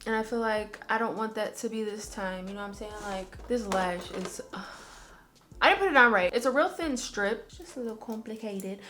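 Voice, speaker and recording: A woman's voice: medium pitch, a little fast, fairly bright tone. A young woman talking casually and candidly while doing her hair at home, rambling with slangy asides. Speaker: beauty vlogger. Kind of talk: casual chatty vlog.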